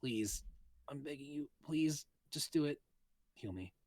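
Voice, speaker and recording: A man's voice: on the high side, animated, a little mellow, no room sound, voice pushed up. A man voicing a whiny seasick young woman. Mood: pleading. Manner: whining, drawn-out pleading. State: nauseous and weak.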